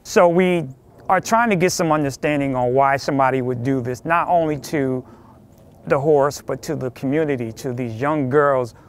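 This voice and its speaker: A man's voice: medium pitch, normal speed, a little hiss or hum. A man reporting a local news story in an earnest, emphatic way.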